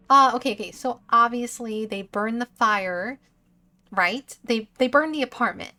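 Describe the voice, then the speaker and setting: A woman's voice: fairly high pitch, unhurried, sharp tone. A woman streamer giving rambling, giggly gameplay commentary, chatting to her viewers.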